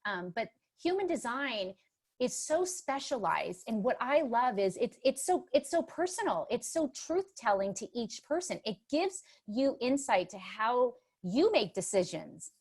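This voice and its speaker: A middle-aged woman speaking as a panelist on a motherhood livestream, talking in an expressive, emotional way with many restarts. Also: on the high side, a little slow, husky. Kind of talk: casual spoken talk.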